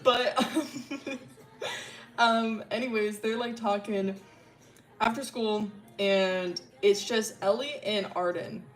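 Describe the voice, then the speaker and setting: A woman with a medium-pitched voice speaks slowly, casually telling a story about her original characters while streaming. She rambles with plenty of fillers, swears freely, and laughs often, with faint music in the background.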